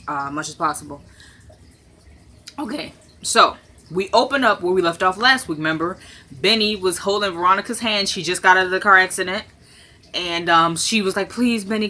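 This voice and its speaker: A woman's voice: on the low side, sharp tone. A woman chatting casually into her phone camera in her living room, recapping a TV episode and acting out the characters' lines. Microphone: phone camera propped on something.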